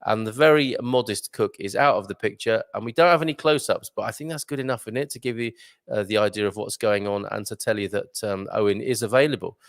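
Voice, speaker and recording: A man's voice: fairly low pitch, fast talker, dry recording, studio quality. A man hosting a live breakfast show, chatting casually and jokingly as he reads out viewer comments with many ums and uhs. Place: live broadcast from a resort venue.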